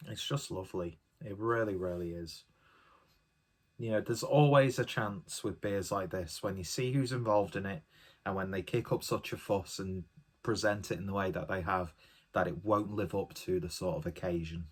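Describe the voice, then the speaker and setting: A man's voice: deep voice, normal speed, slightly rough. Chatty man reviewing beer. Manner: chatty, enthusiastic, rambling. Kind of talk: casual solo review.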